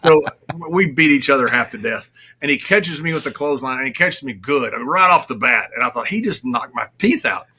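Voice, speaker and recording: An older man, telling lively wrestling-road stories in a casual chat, laughing as he goes. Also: mid-range voice, brisk, husky. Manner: laughing, animated anecdotes with quoted voices. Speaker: guest.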